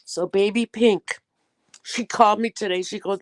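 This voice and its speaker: A woman talks easily in casual chat, often quoting her daughter. Her pitch sits in the middle range. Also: fairly even intonation, normal speed, rough recording. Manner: easygoing, quotes her daughter.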